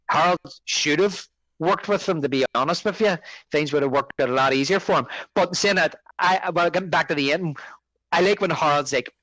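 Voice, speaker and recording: A podcast co-host with a mid-range male voice chats casually about a film, acting out its lines in character with lots of animation. The recording is dry and rough.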